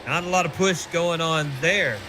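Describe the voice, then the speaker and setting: A race commentator from Tennessee, a man with a somewhat high voice, calls the laps and pit stops in a loose, joking manner. A steady hiss of background noise sits under his voice throughout. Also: moderate pace. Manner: chatty, joking, teasing his co-host. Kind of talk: sim racing broadcast commentary.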